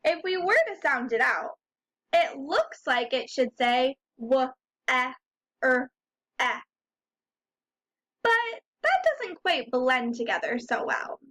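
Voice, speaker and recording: Bright, high-voiced woman teacher, slow and patient. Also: big pitch swings. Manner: patient, encouraging, sounds out letters one by one. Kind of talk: slow, clearly articulated reading lesson for young children.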